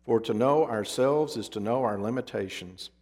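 Give me a man preaching an emphatic sermon, mid-pitched, in a big reverberant hall. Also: normal speed, a little mellow.

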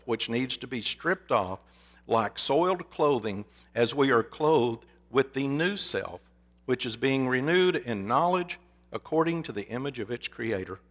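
A man preaching a sermon in an earnest, storytelling manner. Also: medium pitch. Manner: earnest, telling a story with hushed quoted whispers.

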